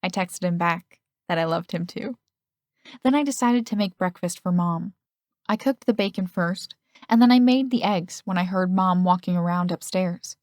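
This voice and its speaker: A woman reading a first-person audiobook in a steady, intimate storytelling manner. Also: lowish voice, normal speed, no echo, clean studio sound. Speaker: audiobook narrator.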